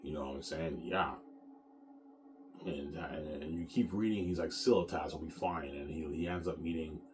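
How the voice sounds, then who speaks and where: A man with a very low voice talks loosely and boastfully about his own novel. He stumbles through repeated restarts and drops casual swear words. Faint background hiss sits under the recording. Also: moderate pace. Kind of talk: casual rambling monologue.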